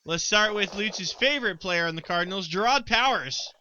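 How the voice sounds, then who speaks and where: A man's voice: high voice, expressive, normal speed, sharp tone, a little hiss or hum. A man co-hosting a casual sports podcast, rambling with stammered restarts and frequent ums. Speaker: podcast co-host.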